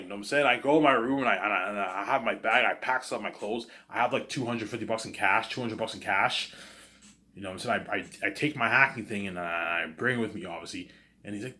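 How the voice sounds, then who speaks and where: A man's voice: fairly low pitch, fast talker, bright, forceful tone. Rambling man acting out a story. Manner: acts out every character, keeps saying "you know what I'm saying".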